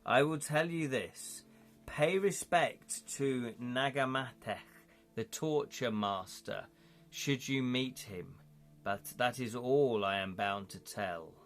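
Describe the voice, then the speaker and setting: A grudging, hissing serpent made of water, read out by a man in a slow, unhurried voice. It speaks its warning with measured menace, a creature of a fantasy gamebook. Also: medium pitch, fairly bright tone, faint music behind. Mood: ominous.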